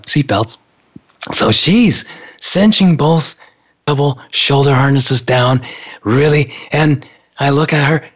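A man telling a story in a relaxed, casual way, laughing often between thoughts. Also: mid-range voice, slightly rough. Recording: dull lo-fi sound.

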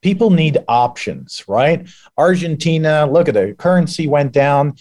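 A man speaking as a guest on a panel, explaining his company's service in a steady business pitch with frequent fillers. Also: a little slow. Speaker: guest executive. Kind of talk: casual panel talk.

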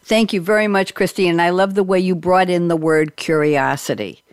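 A woman's voice: on the low side, normal speed, clear, resonant tone, no room sound. A woman hosting a talk show, playful and teasing with her guests, laughing easily. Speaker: podcast host. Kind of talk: casual chat.

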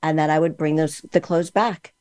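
A woman's voice: low voice, fairly even intonation, moderate pace, a little mellow, no echo, studio quality. A woman hosting a podcast interview, asking long, rambling questions full of fillers. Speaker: podcast host. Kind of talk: casual interview talk.

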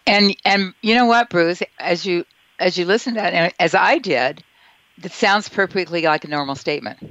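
Host, mid pitch, brief agreeing questioner, dry lo-fi sound. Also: normal speed, a bit bright, no room sound. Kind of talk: radio talk interview.

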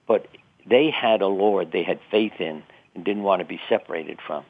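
A man's voice: deep voice, moderate pace, creaky, breathy edge. Older man telling stories over a tinny line. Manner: reflective, chatty, wry laughs at himself. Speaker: guest. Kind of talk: interview storytelling. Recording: tinny phone-line sound.

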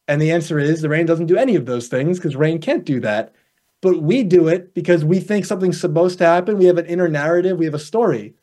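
Animated man coaching through stories. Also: a little high, quick pace. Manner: animated storyteller acting out little dialogues. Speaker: guest coach. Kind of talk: conversational interview.

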